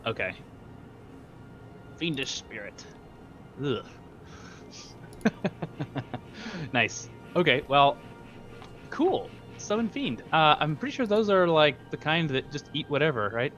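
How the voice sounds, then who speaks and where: A man playing a tabletop game, upbeat and giggly, thinking out loud. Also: on the high side, lively intonation, slow, pauses often, soft background music. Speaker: player.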